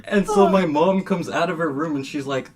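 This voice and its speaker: A man's voice: on the high side, moderate pace, a loud crowd. A young man from California hosting a podcast, telling loose stories in casual chat and laughing often. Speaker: podcast host. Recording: noticeable background noise.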